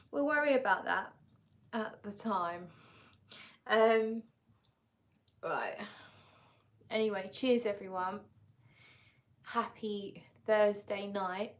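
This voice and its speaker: A woman's voice: medium pitch, takes it slowly, pauses often. A woman hosting a casual live-stream fragrance chat, greeting viewers and reading out their comments in an easygoing, chatty way. She sounds tired. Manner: frequent laughs and fillers, easygoing. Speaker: fragrance channel host.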